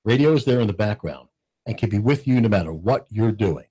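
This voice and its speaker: Casting note: middle-aged man, husky voice, lively pitch, animated and jokey studio chatter. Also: a little fast. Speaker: radio station owner, guest. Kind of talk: casual radio chat. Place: radio studio. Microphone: studio microphone.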